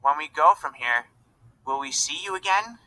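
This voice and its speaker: A man's voice: a little high, lively intonation, moderate pace, bright, forceful tone, low-quality recording. A man reading aloud, voicing a brave but anxious fifteen-year-old Irish girl in a storybook. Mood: timid. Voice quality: earnest, protective.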